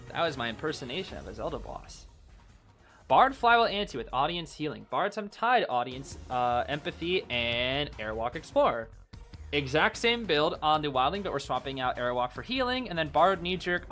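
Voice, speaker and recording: A man giving casual, excitable live commentary on a game match, rambling with lots of fillers. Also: on the high side.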